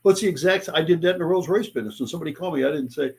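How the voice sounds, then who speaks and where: Animated older man telling sales stories. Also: fairly high pitch, very fast, gravelly. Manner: animated, acts out sales dialogues in different voices. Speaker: sales speaker and author. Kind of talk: interview guest storytelling.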